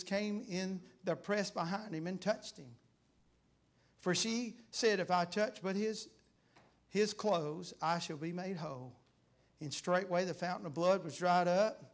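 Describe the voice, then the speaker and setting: A man preaching in a church, reading scripture aloud and building to fervent, pleading shouts. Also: high-pitched. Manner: reads scripture aloud in King James wording. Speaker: guest preacher. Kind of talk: revival preaching. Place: church sanctuary.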